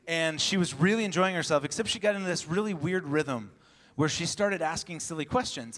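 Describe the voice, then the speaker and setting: A man's voice: fairly high pitch, a bit bright, big-room sound. A young male pastor giving a sermon with personal stories, acting out dialogue and laughing often.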